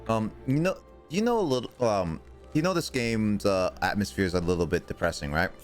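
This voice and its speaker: A man's voice: lowish voice, a little fast. A man streaming a video game, chatting casually and reacting aloud as he plays. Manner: animated, reacting aloud to gameplay. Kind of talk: casual gaming commentary. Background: faint game music.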